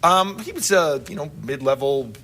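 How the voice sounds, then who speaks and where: A man's voice: a little high, animated, normal speed, bright, forceful tone, a little hiss or hum. A New York man in his thirties, a guest on a late-night talk show, telling stories about family and travel and laughing at himself. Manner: chatty storyteller, laughs at himself. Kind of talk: late-night interview chat.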